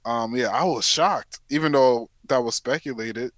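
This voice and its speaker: A man co-hosting a casual podcast, telling stories with lively acted-out quotes. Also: medium pitch, moderate pace, dry recording. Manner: animated storytelling, acting out quotes. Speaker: podcast co-host. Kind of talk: casual chat.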